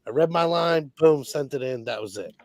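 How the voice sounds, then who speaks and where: Relaxed man on a dry mic. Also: a little high, normal speed, creaky, no room sound. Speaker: podcast panelist. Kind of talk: casual chat.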